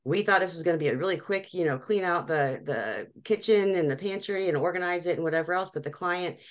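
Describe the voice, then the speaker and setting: Woman in her forties, low voice, animated interview guest who laughs often. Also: brisk. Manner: animated storyteller, frequent laughs and restarts. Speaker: professional organizer, guest. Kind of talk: casual interview chat.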